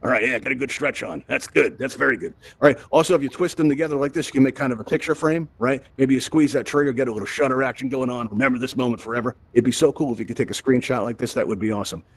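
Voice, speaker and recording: A man's voice: medium pitch, rapid-fire, creaky, few pauses, breathy edge. A man from Brooklyn hosting a live VR event and teaching the audience, chatty and upbeat, tagging his lines with "right?". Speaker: event host and VR instructor. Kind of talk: live presentation to a virtual audience.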